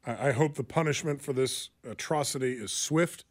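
With hardly any pauses and at a moderate pace, a medium-pitched man co-hosts a talk radio show, delivering news commentary earnestly and full of fillers from a radio studio.

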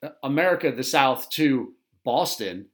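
Lively, curious male interview host. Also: medium pitch, moderate pace. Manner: animated, curious questioning. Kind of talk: casual interview chat.

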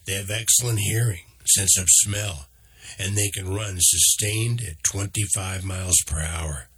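A man doing a calm little creature guide. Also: deep voice, measured pace, husky, exaggerated voice. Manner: calm, patient, instructive.

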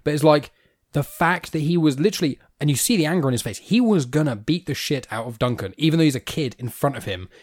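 A British man co-hosting a podcast, chatting casually about a film in an animated, rambling way and laughing easily. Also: fairly high pitch, fast talker, no room sound, clean studio sound. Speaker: podcast co-host.

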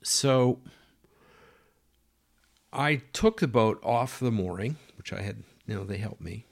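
A man's voice: fairly low pitch, expressive, slow pace, gravelly. A middle-aged man telling a story in a rambling, conversational way, full of fillers and acted-out quotes. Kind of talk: casual spoken storytelling.

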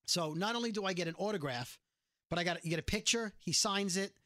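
Fast-talking joking man from Brooklyn. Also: high-pitched, sharp tone, slight background noise. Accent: New York. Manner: joking, rambling storyteller. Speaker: podcast co-host. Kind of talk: casual podcast chat.

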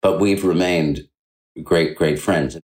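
A man's voice: slow pace, poor audio. A middle-aged man, a guest on an interview, telling a story in a chatty way and acting out the quoted voices. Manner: animated anecdote-telling, acting out quoted dialogue with big jumps in pitch. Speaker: author and guest.

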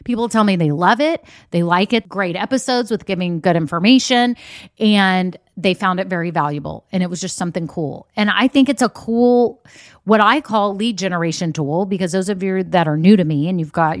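A woman's voice: on the low side, brisk, dry recording. Upbeat woman podcast host, dry sound. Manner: upbeat, emphatic, addresses listeners directly. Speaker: podcast host and online business coach. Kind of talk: solo motivational podcast talk. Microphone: podcast microphone.

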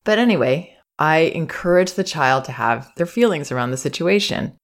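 A woman parenting educator giving calm, reflective advice in a monologue, sometimes acting out soothing phrases meant for a child. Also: low voice, normal speed. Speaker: parenting educator and podcast host.

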